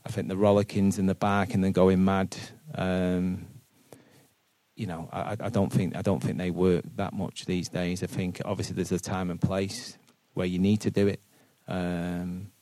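A man's voice: deep voice, little pitch movement, moderate pace, mellow, no echo. A man, a football manager answering questions earnestly at a live podcast, often repeating words as he thinks aloud. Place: boardroom with live audience.

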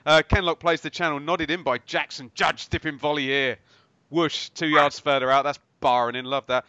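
A man hosting a football podcast, running through match highlights and joking with his co-hosts. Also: fairly even intonation, normal speed, bright, forceful tone, clean tone, dry recording, muffled recording. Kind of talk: casual match recap.

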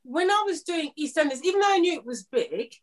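A woman's voice: very high voice, animated, brisk. A woman guest on a podcast, talking candidly about her acting years in a chatty way. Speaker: guest actress. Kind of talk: casual podcast chat.

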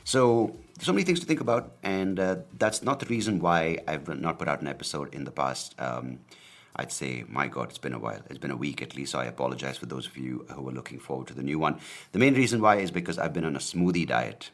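A man in his thirties with an extremely low-pitched voice hosts his own podcast, talking a little fast. He rambles casually on his own, full of fillers and offhand swearing, recorded through a camera and podcast mic.

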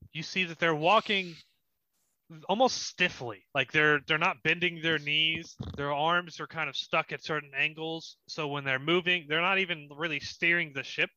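A man's voice: a little high, steady tone, a little slow, sharp tone, no room sound, highs cut off. A young man narrating as dungeon master of a tabletop game, in a casual, descriptive way. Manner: descriptive, laughs often, casual.

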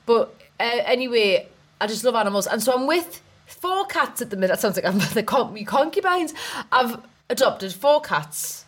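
A woman's voice: on the high side, big pitch swings, moderate pace, breathy edge. A young adult woman, a comedian chatting casually on a podcast, rambling and laughing as she goes. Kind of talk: casual chat.

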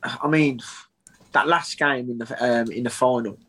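A man's voice: medium pitch, fairly even intonation, normal speed, sharp tone, slightly rough. A man, a guest on a football podcast, earnest and repeating words as he thinks. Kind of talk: casual chat, giving opinions.

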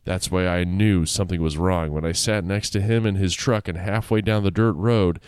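A man's voice: low-pitched, fairly even intonation, normal speed, darkish tone, smooth, dry recording. A man reading a spooky story aloud in a casual way, with laughing asides.

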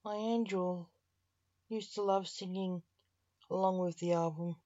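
Woman reading grieving widower, reaper king, slow delivery, dull dry audio. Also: fairly low pitch, steady tone, mellow, no echo, close to an everyday voice.

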